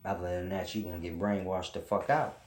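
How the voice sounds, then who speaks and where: A man's voice: sits low, steady tone, brisk, roomy sound. A man hosting his own channel, delivering a casual, preachy monologue full of blunt, profane rants. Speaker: channel host teaching spiritual ideas.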